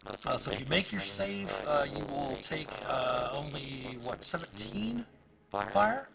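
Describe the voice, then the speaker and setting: A man running a live tabletop game as dungeon master, halting and full of fillers. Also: a little high, big pitch swings, gravelly.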